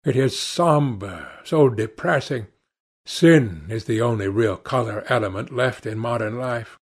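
Drawling witty aristocrat, slow unhurried delivery, lively pitch, husky edge, as a man reads him. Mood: amused. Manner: drawling, epigrammatic. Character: witty languid aristocratic gentleman.

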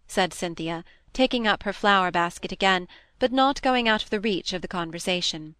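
A woman's voice: on the low side, moderate pace, fairly bright tone, smooth, no echo. Woman reading a novel, dry sound. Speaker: audiobook reader. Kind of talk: scripted narration.

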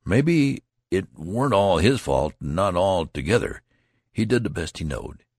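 Man doing a weary young soldier, resigned, rustic dialect, husky, dry close sound. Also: sits low, lively intonation, unhurried, dry recording, pitched above the performer's own voice, full character voice.

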